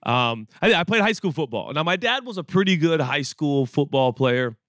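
A man in his forties preaching a sermon, telling stories and joking with the congregation in an animated way. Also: fairly high pitch, normal speed, no room sound, clean studio sound. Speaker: pastor. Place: church auditorium with audience.

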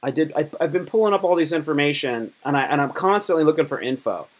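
A man's voice: fairly high pitch, quick pace. A man from Virginia chatting casually on a live stream, joking and rambling in a loose, slangy way. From Virginia, United States.

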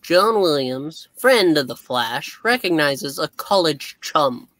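A woman's voice: low-pitched, animated, slow, fairly bright tone, no room sound. A woman narrating a comic aloud as co-host, with amused, giggly asides. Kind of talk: reading a comic aloud with banter.

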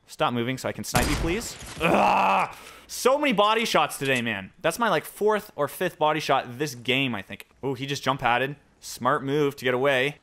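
Excitable young man narrating gameplay. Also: mid-range voice, moderate pace, a little hiss or hum. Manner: excitable, reacts out loud to every shot. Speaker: gaming channel host. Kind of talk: live gameplay commentary.

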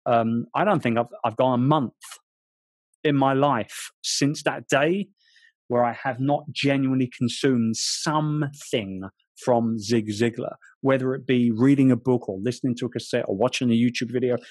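A British man in his forties, an author guest telling animated stories in an interview, often restarting his sentences. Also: medium pitch, moderate pace, no room sound, studio quality. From England. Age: 40s. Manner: animated storyteller, frequent restarts. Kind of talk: storytelling interview chat.

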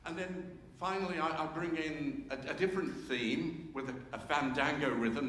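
A man's voice: fairly high pitch, normal speed, hardly any pauses, a bit bright, a little hiss or hum. Older man in a concert hall. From England. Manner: hums and sings themes to illustrate, with self-deprecating humour. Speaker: composer introducing his symphony. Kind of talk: informal talk to a concert audience. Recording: roomy hall reverb, faint ambience.

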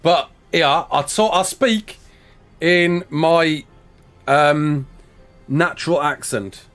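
A man's voice: on the high side, drawn-out words, a bit bright, faint music behind. A young man with an English West Midlands accent, chatting casually on a live game stream. He laughs often and answers chat questions.

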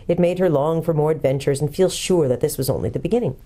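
A woman pastor calmly reading a children's book aloud. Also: low-pitched, fast talker.

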